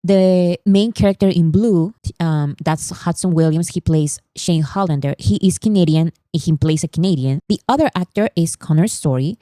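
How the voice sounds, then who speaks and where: Chatty young woman with a mellow voice. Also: on the low side, normal speed, hardly any pauses, no echo. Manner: chatty, emphatic, enthusiastic. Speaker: vlog host. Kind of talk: casual pop-culture commentary. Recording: dry, no pop filter.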